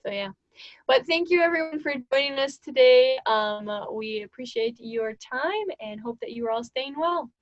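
A woman in her twenties with a slightly high voice tells a story in a loose, chatty way. She acts out the other people's lines with rising energy. The recording is dry and a little lo-fi. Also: moderate pace, no room sound. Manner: animated, laughing, acts out quoted voices. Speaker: co-host. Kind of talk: casual storytelling. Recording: dull lo-fi sound.

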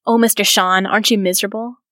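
A woman's voice: mid-range voice, fairly even intonation, quick pace, fairly bright tone, no echo, studio quality, natural voice. A woman reading the words of an earnest, plainspoken missionary woman.

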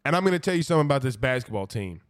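A man hosting a casual college football live stream, reading viewer comments and giving blunt, animated opinions, often repeating himself for emphasis. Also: mid-range voice, very fast. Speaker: host of a college football show.

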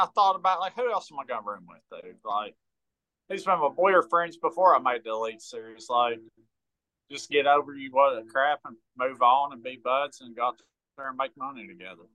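A man's voice: medium pitch, moderate pace, sharp tone, no room sound, low-quality recording. A man who is a guest on a podcast, talking casually in easygoing down-home slang. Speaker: professional angler, guest. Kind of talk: casual interview chat.

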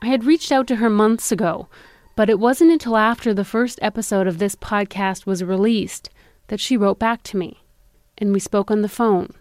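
A woman, an investigative reporter, narrating a documentary podcast in a measured, serious tone. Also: mid-range voice, a little mellow, dry recording.

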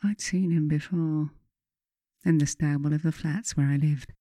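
A woman author reading her own memoir aloud in a measured, reflective way. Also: low-pitched, fairly even intonation, mellow. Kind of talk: memoir audiobook narration.

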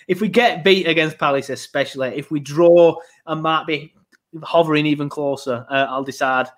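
A man's voice: a little high, steady tone, moderate pace. A man hosting a casual football podcast, chatty and jokey, rambling with fillers and restarts. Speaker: podcast host.

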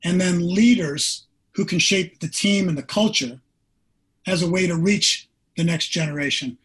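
A man in his sixties, a former pro quarterback, telling a personal story as a podcast guest, earnest and animated, acting out what people said. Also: sits high, normal speed, husky, poor audio.

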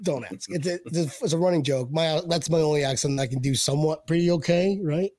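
A man hosting a casual podcast chat who gets excited, laughs a lot and stumbles over his words. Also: fairly high pitch, fast, no echo. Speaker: podcast host.

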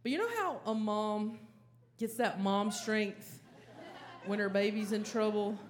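A woman stand-up comedian, telling a story on a comedy club stage with lively, frantic acted-out panic. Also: mid-range voice, a little slow. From American South. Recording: audible live crowd ambience.

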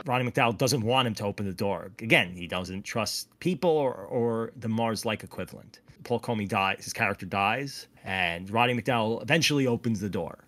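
A man hosting a podcast, recapping an episode in animated casual chat. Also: on the low side, moderate pace, hardly any pauses, faint music behind. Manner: animated, recaps with acted-out quotes. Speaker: podcast host.

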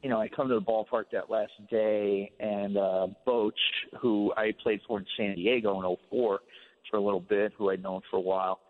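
A former ballplayer on a radio interview, telling a long story in a relaxed, rambling way full of fillers. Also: male voice, lowish voice, moderate pace, big-room sound. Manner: relaxed, rambling, many fillers like "you know". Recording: phone-line sound on radio.

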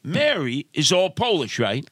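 A man's voice: fairly high pitch, huge pitch swings, measured pace, a bit bright, dry recording, clean studio sound. A middle-aged man, hosting a casual podcast with showy broadcaster patter. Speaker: podcast host, father. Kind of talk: casual radio-style chat.

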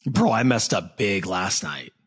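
A man in his thirties, from Florida, hosting a casual interview chat, blunt and excitable, swearing freely and calling his guest "dude". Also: low voice, unhurried, slightly rough. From Southwest Florida. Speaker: podcast host.

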